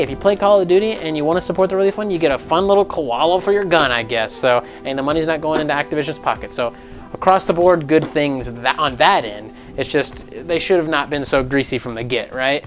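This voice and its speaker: A young man hosting a casual gaming news show, animated and jokey, often slipping into mocking voices. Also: on the high side.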